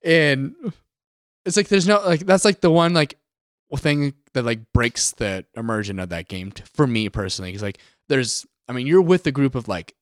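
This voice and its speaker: A man co-hosting a podcast in casual chat, rambling with lots of "like" fillers and slipping into quick impressions. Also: mid-range voice, no room sound, clean studio sound. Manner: rambling, many "like" fillers, animated impressions of characters. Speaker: podcast co-host.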